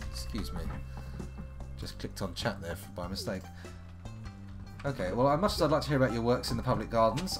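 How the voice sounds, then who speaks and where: A man's voice: fairly low pitch, animated, fairly quick, music in the background. Chatty man narrating his gameplay. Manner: chatty, wry, talks to himself while playing. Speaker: game streamer. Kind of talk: casual live gameplay commentary.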